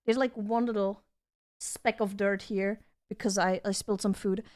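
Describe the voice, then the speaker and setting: A woman's voice: mid-range voice, steady tone, normal speed, a little mellow. A young woman streaming from her home desk, chatting casually and giggling as she reads her chat aloud. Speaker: vtuber streamer.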